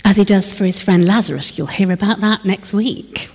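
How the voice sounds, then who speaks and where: A woman preaching a sermon. She moves between lively emphasis and hushed, slowed reflection. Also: mid-range voice, husky. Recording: long reverb of a large hall.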